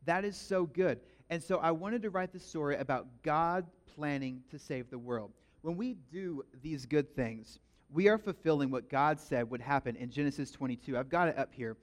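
Animated man preaching with stories. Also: a little high, normal speed. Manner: animated, emphatic storyteller. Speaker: pastor. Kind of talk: sermon with storytelling.

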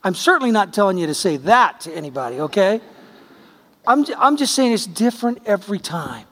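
A man preaches in a conversational, emphatic way, acting out the quotes in his stories. His voice sits high, and it rings with the long reverb of a big church hall. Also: big pitch swings, brisk, fairly bright tone. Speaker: pastor. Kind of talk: sermon.

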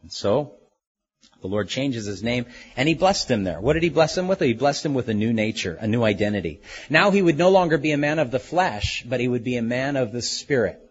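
A man preaching a sermon in a husky, slightly breathy voice, earnest and deliberate. He lingers on key words and lets them settle. The recording sounds dull and lo-fi. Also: medium pitch, expressive. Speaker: pastor. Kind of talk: expository sermon.

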